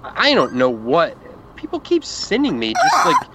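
A man co-hosting a podcast, telling a rambling, halting story in casual banter. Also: on the high side, huge pitch swings, background noise. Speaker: podcast co-host.

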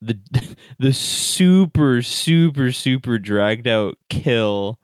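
A chatty man of middle pitch who laughs his way through a horror movie recap, cursing with gleeful energy. His voice sits close and dry on a home computer microphone, with no room sound at all. He talks like a co-host riffing with a friend. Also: very slow, no room sound. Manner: excitable, laughs often, swears casually. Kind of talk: casual horror movie review chat.

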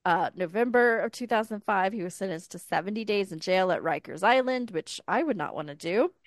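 A woman in her thirties co-hosting a podcast, retelling a life story in casual chat with a smooth public-radio style voice and wry, deadpan asides. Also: mid-range voice, fairly quick, no room sound. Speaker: podcast co-host.

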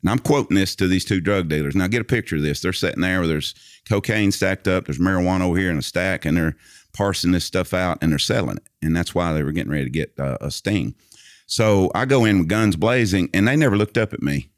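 A man with a very low, deep voice tells a story in a relaxed chat. He paints scenes for his listeners and recites long passages from memory. His voice sounds dry and close. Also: fast talker, no room sound. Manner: vivid storyteller who recites scripture from memory. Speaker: guest telling a personal story. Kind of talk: casual storytelling conversation.

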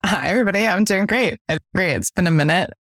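A woman's voice: fairly low pitch, quick pace, a bit bright, no echo, studio quality. A woman co-hosting a casual podcast, greeting everyone in an upbeat way. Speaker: podcast co-host.

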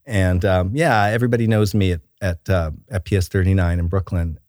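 Middle-aged male author, very low voice, dry close mic, eager and rambling storyteller. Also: steady tone, fairly quick, darkish tone, no room sound. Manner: enthusiastic and storytelling, with many fillers and restarts. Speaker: children's book author and illustrator. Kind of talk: relaxed interview chat.

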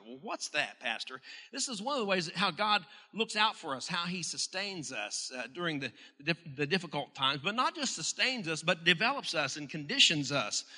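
A man's voice: fairly high pitch, sharp tone. A male pastor preaching a sermon, stressing questions hard and often restarting his words. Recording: hall reverb.

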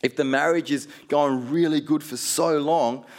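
A man's voice: fairly high pitch, fairly even intonation, unhurried, darkish tone. A man preaching a sermon, telling personal stories with playful asides and building to fervent exhortation.

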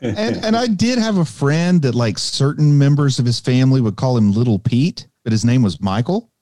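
A man's voice: medium pitch, lively intonation, normal speed, mellow, dry recording. A man co-hosting a podcast, explaining things at length in casual chat. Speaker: podcast co-host.

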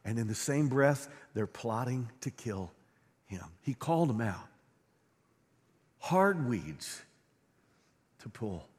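A middle-aged male pastor preaching a sermon, swinging from quiet, low lines to loud, fervent ones. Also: sing-song, takes it slowly, long pauses. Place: church sanctuary. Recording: long reverb of a large hall.

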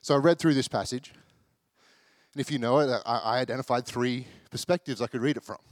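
A young man preaches in a relaxed, joking way, slipping into the voices of the people in the story. His voice is mid-pitched, and the recording is close and dry, with no room echo. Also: a little fast. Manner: chatty, self-deprecating, acts out the people in the story. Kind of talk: casual sermon.

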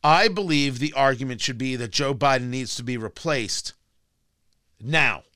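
Combative male talk radio host, sarcastic, bright and tense, close and dry. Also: medium pitch, unhurried, dry recording. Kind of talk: political talk radio monologue. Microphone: studio microphone.

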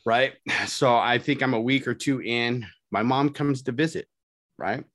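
A man's voice: medium pitch, a little slow, fairly bright tone, dry recording, studio quality. A middle-aged man from Southern California telling his life story in a casual, candid way, laughing at himself and acting out what others said. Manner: candid, self-mocking, laughs often, quotes others.

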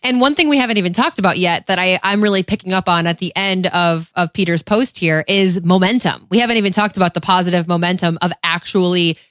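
A woman's voice: lowish voice, fast, few pauses, fairly bright tone, dry recording. Woman podcast cohost, upbeat and chatty, dry close mic. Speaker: podcast co-host. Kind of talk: casual chat.

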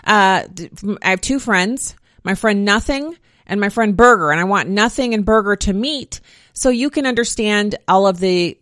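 A woman's voice: mid-range voice, fairly bright tone, no echo. Woman, opinionated talk-show host, close dry mic, mid voice, snarky asides. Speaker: podcast host. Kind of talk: political commentary podcast.

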